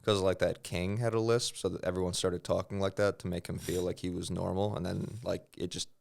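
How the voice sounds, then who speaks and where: A man's voice: deep voice, flat delivery, brisk, vocal fry, darkish tone. A man co-hosting a podcast, chatting casually and swearing, telling loose stories with a laugh. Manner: laid-back, swearing, laughing storyteller. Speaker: podcast co-host. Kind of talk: casual chat.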